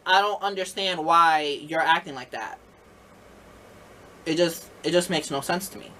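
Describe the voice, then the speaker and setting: A young adult man telling a casual storytime about managing a store, animated, full of "like" fillers and swearing as he acts out both sides. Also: a little high, a little slow, slight background noise.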